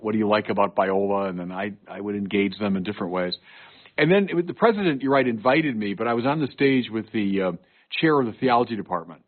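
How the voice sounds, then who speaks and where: A man in his sixties, a bishop and guest on a talk show, speaking earnestly and telling stories with emphasis. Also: mid-range voice. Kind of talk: conversational podcast chat. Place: home studio. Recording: narrow phone-like sound.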